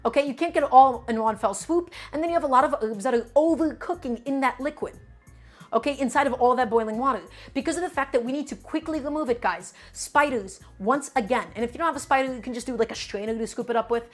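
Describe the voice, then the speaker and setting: A woman's voice: high voice, fast talker, soft background music. A woman streaming a cooking demonstration, explaining technique emphatically and repeating her points to viewers.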